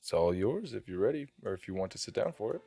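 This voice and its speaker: A man voicing a courteous, smooth middle-aged sea admiral in a tabletop game. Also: lowish voice, big pitch swings, fast talker, warm tone, faint music behind.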